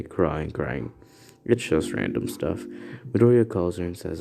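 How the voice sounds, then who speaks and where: Deep gravelly man telling a story. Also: dark tone, soft background music. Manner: casual, halting, restarts often. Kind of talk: improvised fan-fiction narration.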